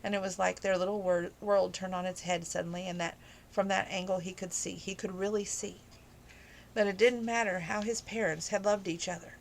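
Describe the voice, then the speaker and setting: A woman's voice: medium pitch, steady tone, fairly quick, gravelly, a little hiss or hum, poor audio. A woman reading a romance novel aloud informally, emotional and adding personal asides. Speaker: audiobook reader.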